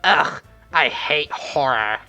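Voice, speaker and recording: A man voicing a feisty young girl while reading a visual novel aloud, pitching up sharp and loud. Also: animated, takes it slowly, faint music behind, heavily acted. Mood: snappy. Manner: sharp, higher and louder than his own voice.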